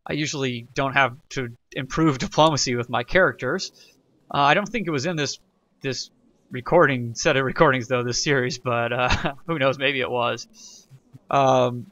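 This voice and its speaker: A man's voice: mid-range voice, moderate pace, bright, forceful tone, dull audio. A man hosting a casual let's play tutorial, rambling and self-correcting as he reads the game's event text aloud. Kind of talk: casual gameplay tutorial commentary.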